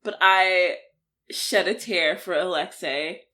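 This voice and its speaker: A woman's voice: lowish voice, slow, sharp tone. A young woman co-hosting a podcast, chatting casually and gushing with enthusiasm. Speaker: podcast co-host. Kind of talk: casual chat.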